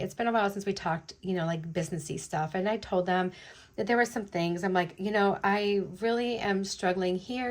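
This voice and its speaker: A middle-aged woman hosting a beading video, chatting casually with lots of fillers as she works. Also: medium pitch. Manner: chatty, many fillers, rambling. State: choked up, teary. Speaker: beading channel host. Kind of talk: casual chat while beading.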